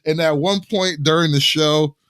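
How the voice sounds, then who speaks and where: Give me a man in casual chat who recounts a story with lots of energy and breaks into laughter. His voice sits a bit high. The sound is dry and close, with no room behind it. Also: fairly even intonation, moderate pace, fairly bright tone, smooth, dry recording. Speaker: co-host.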